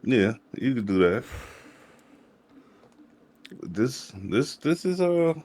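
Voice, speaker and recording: A young man co-hosting a podcast, teasing his friend and joking in relaxed, slangy talk. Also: mid-range voice, takes it slowly. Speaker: podcast co-host. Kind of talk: casual reaction chat.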